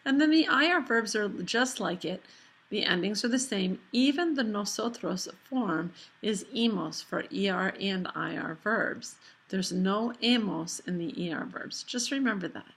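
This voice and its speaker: A woman teaching a recorded lesson over slides, explaining patiently and slowing down for examples. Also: mid-range voice, expressive, creaky, fairly bright tone, breathy edge. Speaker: Spanish teacher.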